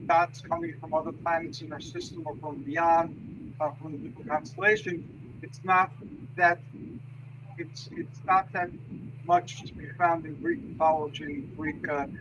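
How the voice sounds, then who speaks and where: A man's voice: fairly high pitch, flat delivery, moderate pace. A man hosting a show who explains ideas in a thoughtful way. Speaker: host. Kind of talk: casual discussion of mythology. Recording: dull lo-fi sound with noise.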